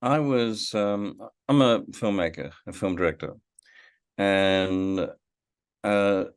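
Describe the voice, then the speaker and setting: A man's voice: fairly low pitch, slow, clear, resonant tone, no room sound. A middle-aged man, a filmmaker guest in a podcast interview, telling a story reflectively with many fillers and restarts. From Australia.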